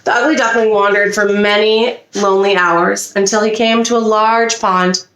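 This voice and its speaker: Expressive woman reading a storybook aloud. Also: mid-range voice, normal speed, roomy sound, slight background noise. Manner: expressive, animated reading with small slips. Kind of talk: reading a picture book aloud. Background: a child nearby.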